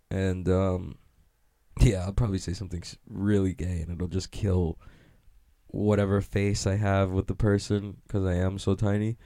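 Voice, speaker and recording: A man's voice: lowish voice, creaky, warm tone, dry recording, clean studio sound. A young man rambling through a profane, self-mocking comedic monologue, laughing at his own jokes.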